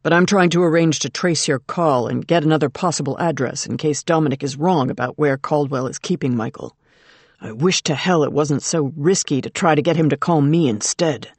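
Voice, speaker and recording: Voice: medium pitch, fairly quick, breathy edge, no echo. Audiobook role: curt male detective, voiced by the narrator, dry studio sound. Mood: blunt. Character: blunt male detective, husband. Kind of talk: audiobook character reading.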